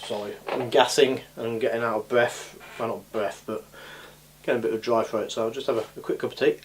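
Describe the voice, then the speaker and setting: Talking a little fast in a steady, mid-range voice, a man records a hobby vlog about scale models from the hobby room at his home. He rambles casually, dropping lots of ums and uhs, and his camera mic picks up noticeable background noise.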